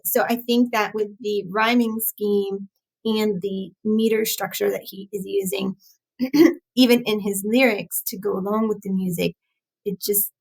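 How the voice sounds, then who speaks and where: A woman of middle pitch talks through a casual live-stream, thinking aloud as she goes. She hesitates often, restarts her sentences and laughs lightly at herself. Her tone stays chatty and relaxed. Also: vocal fry, poor audio. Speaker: host analysing song lyrics.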